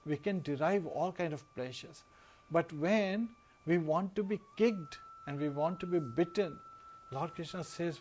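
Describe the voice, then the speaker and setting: A man giving a devotional discourse, telling a story in a relaxed way with frequent "uh" and "you know" fillers. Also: fairly high pitch, measured pace, a little hiss or hum. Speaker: devotional speaker. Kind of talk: storytelling sermon.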